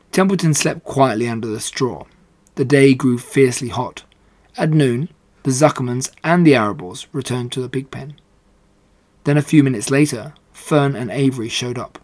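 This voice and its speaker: A man reading a children's book aloud in a steady, unhurried way. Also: medium pitch, no room sound. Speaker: reader.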